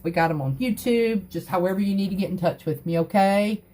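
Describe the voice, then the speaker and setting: A woman's voice: mid-range voice, brisk, warm tone. A middle-aged woman hosting a crafting livestream, chatting earnestly and greeting viewers by name. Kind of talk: casual livestream chat.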